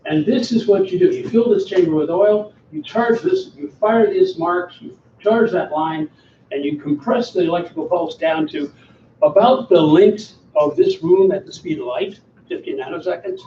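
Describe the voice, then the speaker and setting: In a banquet hall, a seventy-something Southern man from Alabama delivers a guest after-dinner talk with slides, full of wry jokes at his own expense. His voice is high-pitched, warm and animated at a moderate pace, though the recording is distant, echoey and muffled with a little hiss or hum.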